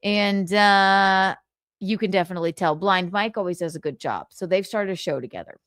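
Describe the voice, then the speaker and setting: A woman's voice: medium pitch, normal speed, a bit bright. A woman hosting a casual livestream, giggling and teasing as she chats. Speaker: livestream host.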